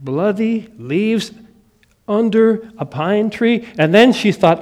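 A middle-aged man from the Upper Midwest preaches through a personal story. His voice sits fairly high for a man. He sinks to near-whispers on the tender moments and swells on the promises. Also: takes it slowly. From Upper Midwest of the United States. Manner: dramatic storytelling, swinging from hushed to emphatic. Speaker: pastor. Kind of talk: storytelling sermon.

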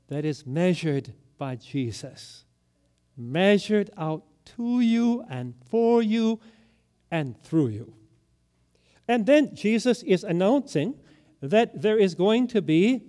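An older male pastor preaching a sermon, emphatic, with dramatic swings in loudness and pitch as he acts out quotes.

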